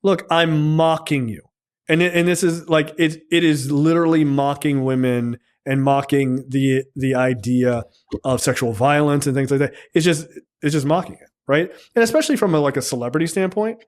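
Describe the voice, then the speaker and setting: A man's voice: fairly high pitch, brisk, a little mellow. A man co-hosting a casual film review podcast, talking bluntly with plenty of swearing and loose rambling. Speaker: podcast co-host.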